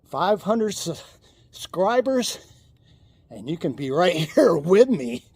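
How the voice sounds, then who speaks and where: A man's voice: sits high, big pitch swings, slow, a little mellow, breathy edge, no echo. An older man chatting casually in his vlog, chuckling often as he rambles from a cold plunge tub outdoors. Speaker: vlogger.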